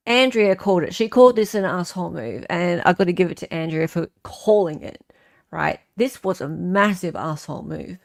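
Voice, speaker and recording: A woman's voice: on the low side, creaky. An Australian woman hosting a casual livestream, chatting with viewers, reading their comments, and ranting freely. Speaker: livestream host.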